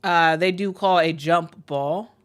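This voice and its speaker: A woman calling a live basketball game for her stream, chatty and excitable, talking straight to her viewers. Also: lowish voice, takes it slowly, clean tone. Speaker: play-by-play commentator. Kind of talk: casual live play-by-play stream.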